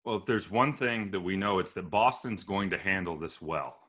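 Bright-voiced man in dry, sarcastic chat. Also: deep voice, normal speed. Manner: dry sarcasm, hesitant restarts. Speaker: podcast co-host. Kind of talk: casual sports chat.

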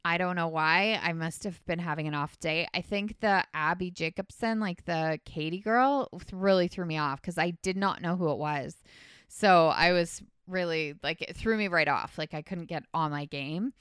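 Smooth low-voiced woman recapping a movie. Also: normal speed, a bit bright, no echo, studio quality. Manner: rambling plot retelling full of "like" and "um". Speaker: podcast host. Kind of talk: casual movie recap chat.

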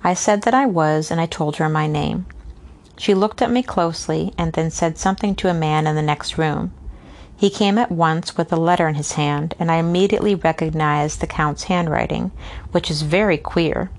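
Woman reading a classic novel aloud, low-voiced. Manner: reads steadily, stumbles on hard names and pauses for unscripted asides. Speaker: reader. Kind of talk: casual read-aloud of a novel with asides.

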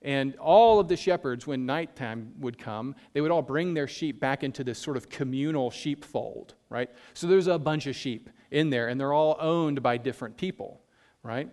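A man's voice: medium pitch, darkish tone. Man preaching a conversational sermon. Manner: conversational preaching, reads scripture slowly, many fillers. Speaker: pastor.

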